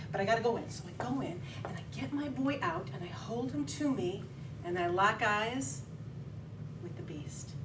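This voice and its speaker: Woman, high-pitched, lively comic speech, echoey hall, distant mic, noisy background. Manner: lively, animated storytelling with laughing asides. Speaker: contest speaker. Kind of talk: humorous storytelling speech. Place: meeting hall with audience.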